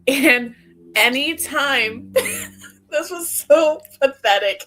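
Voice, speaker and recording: Her voice sits high and a bit bright, with lively intonation and a very slow pace. This young podcast co-host keeps things casual, laughing often and filling her talk with "like."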